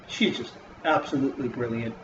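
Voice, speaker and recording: A mid-range male voice moves fairly quickly through a casual vlog review of a wrestling show. Frequent swearing, rambling, and lots of fillers mark his delivery, and the recording is lo-fi, roomy, and dull with audible hiss.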